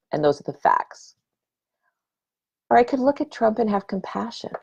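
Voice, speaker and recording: A middle-aged woman hosts a podcast, giving a reflective personal talk in a mellow, slightly rough voice that sits on the low side with vocal fry. She's earnest and emphatic, often repeating key words for weight. The recording is dull and lo-fi.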